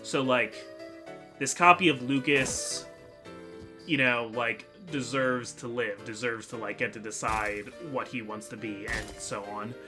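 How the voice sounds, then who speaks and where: A man's voice: medium pitch, steady tone, measured pace, music in the background. A man hosting a let's play, chatting casually and rambling with lots of fillers and restarts. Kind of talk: casual gameplay commentary.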